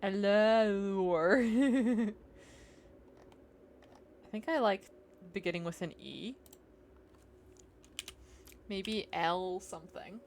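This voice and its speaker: A woman's voice: medium pitch, very slow, pauses often, darkish tone, slight background noise. A chatty, giggly woman, musing aloud as she streams herself playing a game. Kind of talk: casual live-stream chat while gaming.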